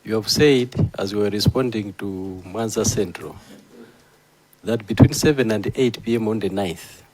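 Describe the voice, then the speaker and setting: A man's voice: fairly low pitch, husky, no echo, rough recording. A man, a member of parliament persistently questioning a witness about exact dates. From Malawi. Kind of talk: formal questioning.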